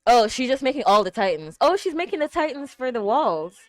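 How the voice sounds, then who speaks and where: A young woman reacting to an anime episode, exclaiming and gasping, swinging between hushed murmurs and loud outbursts. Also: sits high, very animated, a little fast, no echo. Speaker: reaction streamer.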